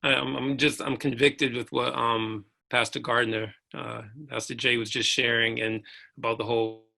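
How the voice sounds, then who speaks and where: A man speaks with a gravelly, rough-edged voice and a bright, forceful tone. He tells his own story earnestly and with animation, slipping into the voices of the people in it. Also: mid-range voice, level tone, moderate pace. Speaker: preacher and uniformed officer. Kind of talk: personal storytelling in a panel discussion.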